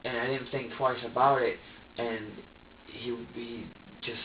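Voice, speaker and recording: A man being questioned by police, talking in a halting, repetitive way, restarting sentences and quoting himself, with an emotional delivery that moves between tense and subdued. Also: medium pitch, level tone, a little hiss or hum. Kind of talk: police interrogation recording. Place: police interview room. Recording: echoey, distant, dull lo-fi room recording.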